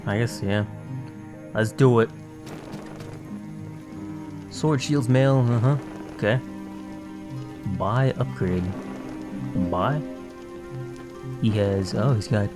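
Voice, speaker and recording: A man's voice: mid-range voice, slow, pauses often, music in the background. A man playing a video game and talking to himself in a drowsy, muttering way, swearing now and then and admitting he is sleepy. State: sleepy, yawning. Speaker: gaming channel host. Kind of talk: casual game commentary.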